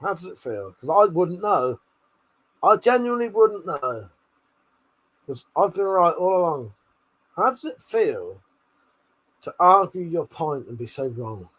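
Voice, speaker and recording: A man's voice: high-pitched, sing-song, measured pace, long pauses, a bit bright. A man on a live stream, reading chat comments aloud in a brash, sweary, jokey way with frequent laughter.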